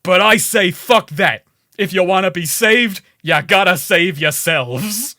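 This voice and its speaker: A man reading out a gruff male resistance leader's rousing speech in a deliberately bad put-on accent. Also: high voice, expressive, sharp tone, dry recording, studio quality, heavily acted.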